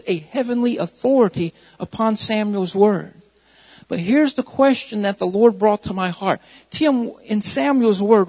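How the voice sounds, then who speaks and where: A man's voice: sits high, darkish tone, breathy edge, in a large hall, lo-fi sound. A male pastor preaching a sermon, repeating key phrases with rising emphasis.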